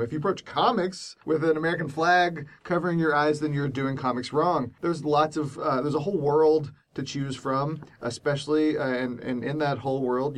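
Punning man reading his notes with a grin. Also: a little high. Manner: punning, laughs at his own jokes. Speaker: podcast co-host. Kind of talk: casual group chat, reading prepared notes.

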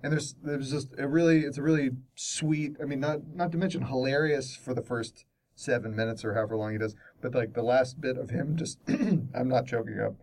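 A man in mid-range pitch chatting on a podcast, rambling through a story with plenty of restarts. He sits a little back from the microphone, so his voice sounds somewhat distant. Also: fairly even intonation, brisk, a little mellow. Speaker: podcast co-host. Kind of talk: casual chat.

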